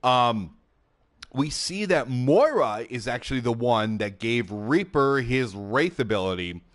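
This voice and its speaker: A chatty man hosts a casual gaming commentary, speaking at a mid pitch into a headset mic. He sounds excitable and loose, with plenty of laughs and filler words. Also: a little slow. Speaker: gaming YouTube host.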